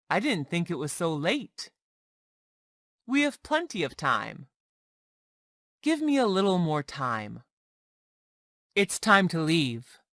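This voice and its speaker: A woman reading short English practice phrases for learners, one at a time, in a slow and deliberate drill. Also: lowish voice, a bit bright, no echo, clean studio sound. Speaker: English teacher.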